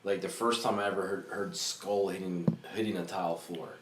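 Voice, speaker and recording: Low-voiced man telling profane stories. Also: a little fast, background noise. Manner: profane, animated storytelling. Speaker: podcast co-host. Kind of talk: casual storytelling chat. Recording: echoey room with faint ambience.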